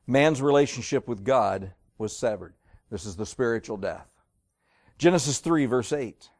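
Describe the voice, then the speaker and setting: A man preaching an evening sermon, reading old-style scripture aloud and telling stories, swinging between loud emphasis and quiet, slowed lines. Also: mid-range voice, expressive. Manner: reads King James verses aloud, dramatic storytelling.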